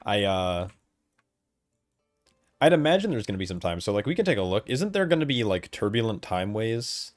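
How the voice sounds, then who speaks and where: A man's voice: lowish voice, big pitch swings, moderate pace, long pauses, no room sound, clean studio sound, faint music behind. A man streaming a game and chatting casually, laid-back and swearing, often laughing. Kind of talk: casual gameplay chat.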